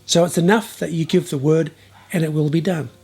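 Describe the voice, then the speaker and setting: A man's voice: fairly high pitch, steady tone, a little fast, vocal fry, a little mellow, husky, faint music behind. A man voicing an earnest, humble Roman centurion in a spoken bible story. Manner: earnest, pleading.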